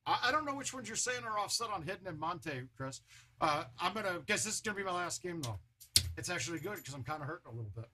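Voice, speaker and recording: A man's voice: high voice, expressive, quick pace, sharp tone, slight background noise. A man chatting casually on a home live stream, loose and talkative, with a sore throat.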